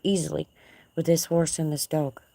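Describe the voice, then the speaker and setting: A woman's voice: low-pitched, little pitch movement, normal speed, creaky, mellow, no room sound. A woman with a Texan accent hosting a casual live stream from her porch, folksy and chatty with her viewers. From Texas. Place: outdoor porch at dusk.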